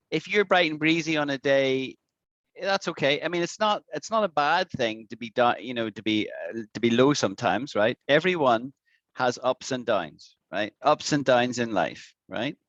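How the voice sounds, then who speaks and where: A man teaching an online English lesson, patiently repeating words slowly for his students to practice. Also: fairly high pitch, expressive, a bit bright, dry recording, highs cut off. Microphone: video call.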